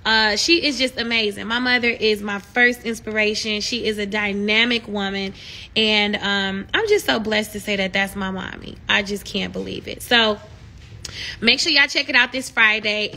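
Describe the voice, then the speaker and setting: A young woman hosting a casual live stream, talking with fans and turning to animated, preachy encouragement. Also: medium pitch, normal speed. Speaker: livestream host.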